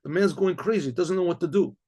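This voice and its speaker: A middle-aged rabbi telling a story aloud, with frequent throat clearing and many repeated, restarted words. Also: male voice, high voice, a little fast, dark tone. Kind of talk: spoken story narration.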